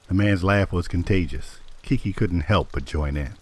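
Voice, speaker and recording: Deep-voiced man narrating a story. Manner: measured, steady storytelling. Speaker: audiobook narrator. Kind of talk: scripted narration.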